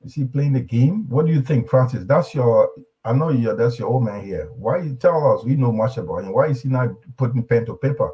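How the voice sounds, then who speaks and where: A man's voice: medium pitch, animated, brisk, warm tone, muffled recording. Man hosting a talk show. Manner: rambling, reads newspaper headlines aloud with asides. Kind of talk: live panel discussion.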